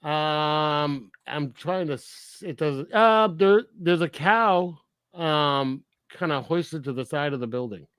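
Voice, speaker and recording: A man's voice: fairly high pitch, slow, fairly bright tone, smooth, no echo. A man co-hosting a film review podcast in casual chat, often laughing as he recaps scenes. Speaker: podcast co-host.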